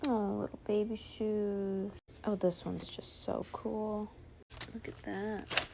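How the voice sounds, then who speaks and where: Woman thinking out loud while sorting stuff, slow and kinda gravelly, casual chatty vlog. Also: mid-range voice, little pitch movement, noisy background. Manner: musing, chatty, thinking aloud; drops to a soft whisper at times. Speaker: sewing vlogger.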